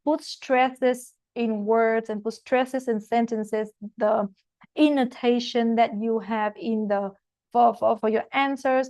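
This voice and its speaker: Woman exam tutor, non-native accent, higher voice, dry close mic, chatty explaining style. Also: no echo. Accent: non-native English. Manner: explanatory, frequent "okay?" check-ins and fillers. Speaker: IELTS teacher. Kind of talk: online masterclass lecture. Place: recorded online class.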